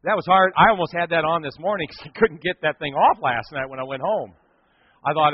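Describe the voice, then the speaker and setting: A man preaching a sermon as the pastor, telling a story with lively, animated delivery and acting out other people's lines. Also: on the high side, a little fast, breathy edge. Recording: dull sound with long hall reverb.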